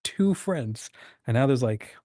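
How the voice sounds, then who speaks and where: Husky-voiced man hosting a livestream. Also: medium pitch, lively intonation, takes it slowly, dark tone, no echo, studio quality. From United States. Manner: encouraging, thinks aloud, acts out quoted voices. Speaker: livestream host. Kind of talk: casual livestream chat.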